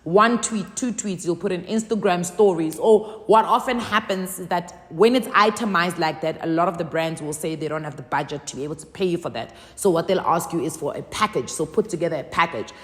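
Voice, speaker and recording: South african woman vlogging, chatty and animated, acts out her phone calls, voice rings out with long reverb. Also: lowish voice, brisk, hardly any pauses. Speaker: content creator. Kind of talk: casual vlog talk.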